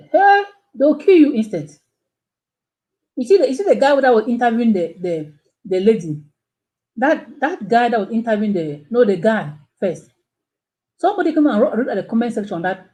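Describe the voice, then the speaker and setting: A woman hosting a live stream, giving casual commentary in an animated way, full of rhetorical questions and exclamations. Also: a little high, poor audio. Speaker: channel host.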